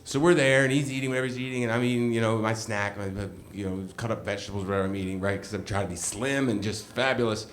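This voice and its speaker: With slight background noise behind him, this middle-aged man talks quickly in a lowish voice, barely pausing. It's live comedic storytelling: an animated, self-mocking account of something that happened to him, complete with impressions of what others said.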